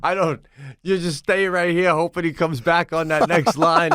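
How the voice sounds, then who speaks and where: A man's voice: a little high, measured pace, pauses often, smooth. A man co-hosting a comedy podcast, telling stories animatedly and acting out voices. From Long Island, New York. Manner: animated storytelling, acts out voices in quotes. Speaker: podcast co-host. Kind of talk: casual comedic chat.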